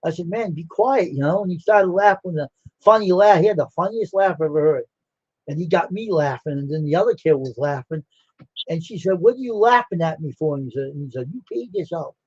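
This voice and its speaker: A man's voice: fairly high pitch, expressive, brisk, darkish tone, slightly rough, dry recording, dull audio. An older man hosting a livestream, telling rambling stories in casual chat and acting out the dialogue. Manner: rambling, laughing, acts out quoted dialogue. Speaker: livestream host.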